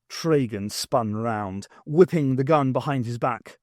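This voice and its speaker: A man reading a novel aloud in measured, clear storytelling. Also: medium pitch, expressive, darkish tone, dry recording, studio quality. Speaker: audiobook reader.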